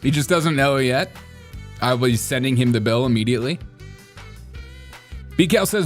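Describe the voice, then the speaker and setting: A man's voice: medium pitch, animated, moderate pace, long pauses, faint music behind. Sarcastic male live-stream host. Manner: sarcastic, jokey asides. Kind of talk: comedic live-stream commentary.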